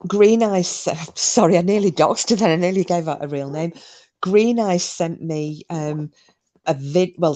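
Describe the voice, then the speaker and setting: A woman's voice: low voice, darkish tone. Chatty sweary woman streamer. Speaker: live-stream host. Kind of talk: casual live-stream chat, reading comments.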